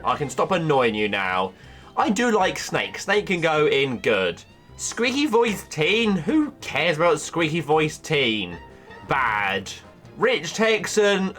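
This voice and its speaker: Lively high-voiced man giving quick jokey verdicts. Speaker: YouTuber ranking cartoon characters. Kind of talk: casual tier-list commentary.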